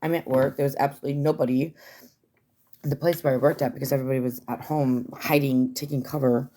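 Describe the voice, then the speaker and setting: A woman's voice: rumbling low, steady tone, fast talker, dark tone. A woman chatting casually on a livestream, rambling, swearing freely and using many fillers.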